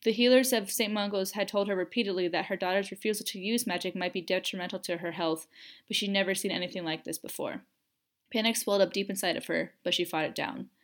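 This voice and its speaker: A woman narrating a fan fiction audiobook with measured, expressive storytelling. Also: mid-range voice.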